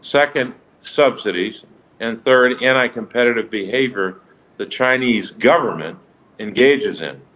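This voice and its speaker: A man, a senator joining remotely, making formal, deliberate remarks to a nominee at a hearing. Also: medium pitch, a bit bright, poor audio. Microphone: remote video link.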